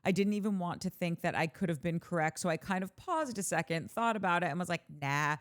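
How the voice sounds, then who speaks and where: A woman co-hosting a casual chat show, reading listener comments aloud with quick animated asides. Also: fairly low pitch. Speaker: podcast co-host.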